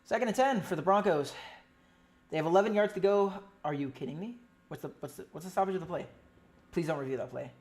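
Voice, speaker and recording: A fan streaming their own play-by-play of a game, excitable and pleading, jumping between loud outbursts and quiet muttered commentary, with frequent swearing. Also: medium pitch, fast. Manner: swears often. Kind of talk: amateur live stream commentary.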